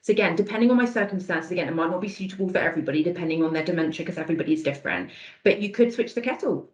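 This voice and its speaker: A woman leads an online awareness session over a video call, encouraging and conversational as she praises answers from the chat. Her voice sits a little low. The sound is roomy and echoey. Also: racing, muffled recording. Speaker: dementia awareness session presenter. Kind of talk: online training talk.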